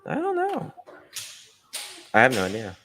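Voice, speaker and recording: A man hosting a casual livestream chat, soft-spoken and amused. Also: medium pitch, huge pitch swings, unhurried, a little hiss or hum. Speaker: host.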